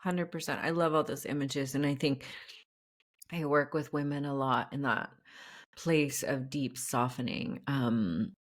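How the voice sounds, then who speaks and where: A woman's voice: extremely low pitch, fairly even intonation, measured pace. A woman speaking as a podcast guest and spiritual coach, earnest and reflective as she talks openly about feelings. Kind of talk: casual interview conversation.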